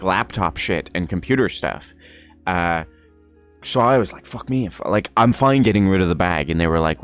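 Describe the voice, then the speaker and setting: A young man from Ireland tells a story on a livestream in a casual, animated way, swearing, laughing and acting out the people in it. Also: deep voice. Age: young adult. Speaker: streamer.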